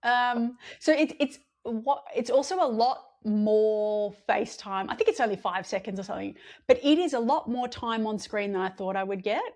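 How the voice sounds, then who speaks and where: A woman's voice: fairly high pitch, normal speed, hardly any pauses, a little mellow. An Australian woman co-hosting a podcast over a video call, joking and chatting with plenty of fillers. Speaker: podcast co-host.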